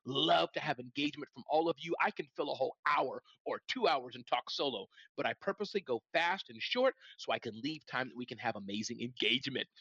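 A man's voice: fairly high pitch, no echo. Middle-aged guy hosting a live talk, folksy and pumped, voice swings all over, dry dull audio. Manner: energetic, folksy, addresses listeners directly. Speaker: host. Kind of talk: live business tips talk.

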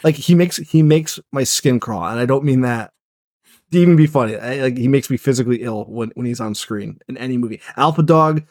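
A man's voice: mid-range voice, fairly quick, a little mellow, no echo, clean studio sound. A man co-hosting a horror movie podcast in casual chat, blunt and exasperated, swearing as he rants. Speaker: podcast co-host.

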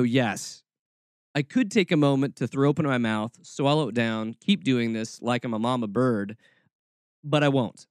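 A man hosting a podcast, giving sarcastic commentary in an animated, mocking way with lots of asides. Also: mid-range voice, no room sound, clean studio sound. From American South.

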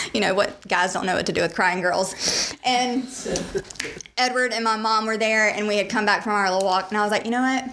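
A young woman tells a story from her own life. She speaks in a lively way and slips into laughter as she goes. Her voice sits at a middle pitch over a faint background hiss. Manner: animated, laughs while telling. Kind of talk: personal storytelling.

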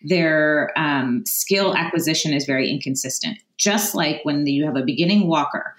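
Low-voiced woman psychologist in an echoey room. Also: moderate pace. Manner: thinking aloud, tagging points with "right?". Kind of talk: casual podcast discussion.

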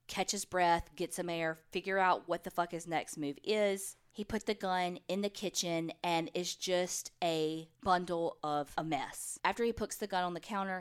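A woman's voice: fairly low pitch, clear, resonant tone. A woman co-hosting a podcast, casually retelling a true crime case and briefly voicing the people in it. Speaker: podcast co-host.

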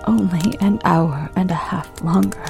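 A woman's voice: fairly low pitch, measured pace, vocal fry, a little mellow, faint music behind. A woman voicing a terrified dying man who groans and drops into whispers, in a spoken ghost story. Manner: frantic, groaning, breaks into whispers.

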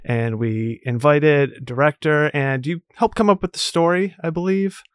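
A man's voice: fairly high pitch, measured pace, clear, resonant tone, dry recording, studio quality. A man hosting a horror movie podcast, chatting casually and rambling with restarts. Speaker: podcast host.

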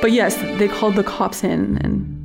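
A burnt-out paramedic. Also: female voice, mid-range voice, steady tone, vocal fry, over music. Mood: weary. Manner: halting, confessional, rising to frantic yelling. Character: burnt-out female paramedic, restless and unraveling. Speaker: paramedic Anna. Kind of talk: audio drama monologue.

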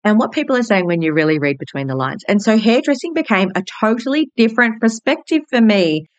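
A woman's voice: a little high, very animated, fast talker, no echo, muffled recording. Bubbly Australian woman telling stories. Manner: bubbly and candid, swears casually. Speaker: podcast host and hairdresser. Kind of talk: personal storytelling monologue.

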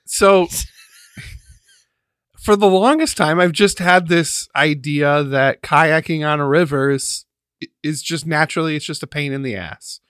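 Man, casual chat, slightly high voice, dry sound, easygoing, laughs often. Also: unhurried, a bit bright, smooth, dry recording. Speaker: podcast co-host.

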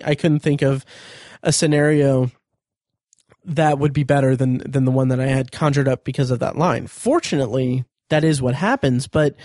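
A man's voice: medium pitch, a little mellow, no room sound, studio quality. A man hosting a solo podcast, reviewing a TV episode as he thinks aloud, with many restarts and fillers.

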